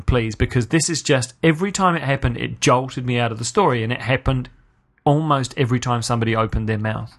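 A man hosting a podcast and giving a casual spoken review. He rants with sarcasm, restarts his sentences often, and his voice jumps up sharply when he is incredulous. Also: quick pace. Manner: exasperated ranting, pitch leaping up when incredulous. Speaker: podcast host.

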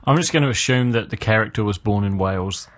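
A man's voice: lowish voice, quick pace. A man co-hosting a film review chat, talking casually with a dry, sardonic wit and frequent fillers. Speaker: film review podcast co-host.

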